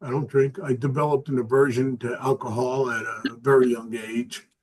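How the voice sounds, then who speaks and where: A man's voice: mid-range voice, moderate pace, husky, rough recording. Older curmudgeonly stand-up comic, man. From Southern California. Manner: deadpan self-mocking curmudgeon. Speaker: stand-up comedian. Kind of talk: stand-up comedy set.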